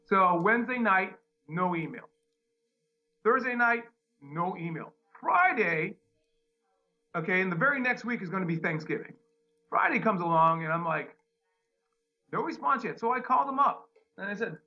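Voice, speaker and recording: A man's voice: sits high, normal speed. A man telling a long, exasperated story about a customer service runaround, full of restarts and retold dialogue. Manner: animated, exasperated retelling with many restarts. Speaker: podcast host. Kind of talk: casual ranting story. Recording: dull lo-fi sound.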